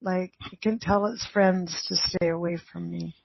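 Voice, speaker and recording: A woman's voice: lowish voice, steady tone, unhurried, gravelly, no room sound. A woman co-hosting a radio talk show, telling a story in casual chat and often exclaiming. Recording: muffled dry radio studio sound.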